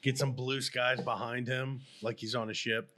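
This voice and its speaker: A man's voice: medium pitch, little pitch movement, normal speed, sharp tone. A young man co-hosting a gaming podcast, chatting casually with a wry, teasing manner. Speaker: podcast co-host.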